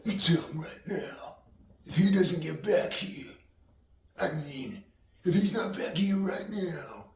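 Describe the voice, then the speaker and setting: A man's voice: high voice, takes it slowly, voice pushed up. A man voicing an insistent, demanding person in an acted scene, who repeats the same order. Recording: echoey room, distant mic, faint hiss.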